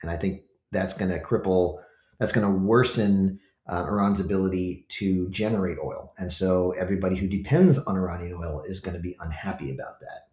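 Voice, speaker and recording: Emphatic man with a low voice. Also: fairly quick, a little mellow, echoey room. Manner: emphatic, rhetorical questions to viewers. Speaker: host. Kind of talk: casual commentary.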